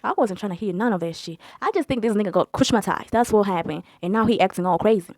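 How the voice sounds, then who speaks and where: A young woman telling a story in a blunt, profane, animated way as a storytime vlogger. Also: mid-range voice, fast, no room sound. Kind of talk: casual storytelling.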